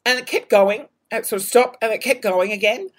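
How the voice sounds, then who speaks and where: Animated Australian man telling a story. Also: sits high, brisk. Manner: animated, swears freely, laughs at himself. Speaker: podcast host. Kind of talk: casual storytelling.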